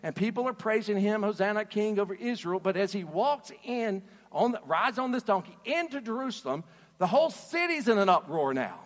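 A man preaching a sermon in an animated, emphatic way, putting questions to his audience. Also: high voice, normal speed. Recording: reverberant hall.

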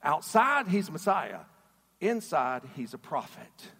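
A man preaching a sermon in an animated, emphatic way, putting questions to his audience. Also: a little high, takes it slowly, breathy edge. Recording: reverberant hall.

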